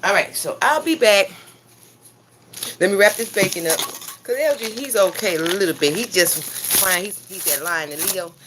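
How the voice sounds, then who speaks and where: In her home kitchen, a cooking vlogger makes breakfast on a livestream and chats casually with viewers, speaking right to them. Her voice is mid-range at a normal speed, with some background noise.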